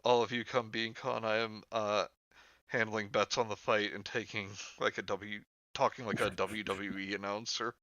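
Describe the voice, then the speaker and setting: A man in casual chat with friends, reading aloud in a laid-back, deadpan way. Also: lowish voice, moderate pace, lo-fi sound. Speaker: co-host reading a story aloud. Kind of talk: casual joking chat over a voice call.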